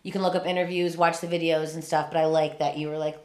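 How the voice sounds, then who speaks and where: A woman co-hosting a casual podcast chat, playful and jokey, quick to riff. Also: low-pitched, level tone, darkish tone. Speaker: podcast co-host. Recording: roomy echo.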